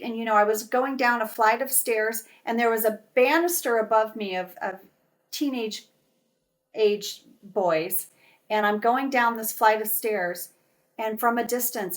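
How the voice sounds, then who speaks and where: Middle-aged actress guest, bubbly and animated, higher voice. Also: female voice. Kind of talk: casual interview chat.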